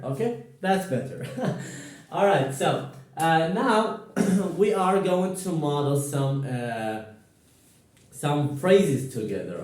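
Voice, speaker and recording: A man teaching a grammar lesson to a class, slow and encouraging, repeating words for students to echo. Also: a little high, a little mellow. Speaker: English teacher. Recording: echoey room, voice far from mic.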